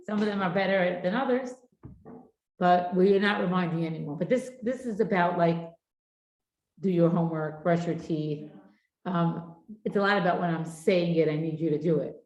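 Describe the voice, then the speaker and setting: A woman's voice: fairly low pitch, moderate pace, muffled recording. Middle-aged woman, parenting class teacher, storytelling lecture, room echo. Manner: lively storyteller who acts out family dialogue. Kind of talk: lecture with anecdotes. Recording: echoey room.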